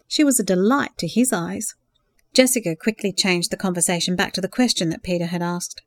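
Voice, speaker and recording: A woman narrating a romance novel in a calm, even storytelling voice. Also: lowish voice, a little fast, dry recording. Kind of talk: scripted audiobook narration.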